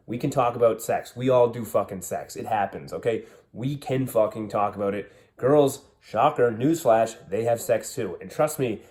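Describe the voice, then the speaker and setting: A man's voice: medium pitch, a little mellow. A man talking bluntly as a dating coach, full of swearing and casual slang. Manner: profane, brash, direct. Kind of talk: blunt dating advice monologue.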